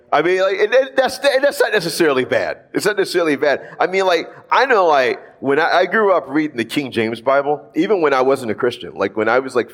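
A man preaching in a casual, conversational way, talking through a Bible passage with lots of asides. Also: mid-range voice. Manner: animated, conversational, lots of "like" and "right?". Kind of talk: casual sermon.

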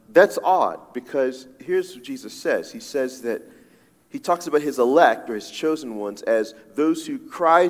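Man preaching animatedly in a reverberant hall. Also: medium pitch. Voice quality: animated, conversational preaching with many asides and repeated "right?". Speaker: pastor. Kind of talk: sermon. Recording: long reverb of a large hall.

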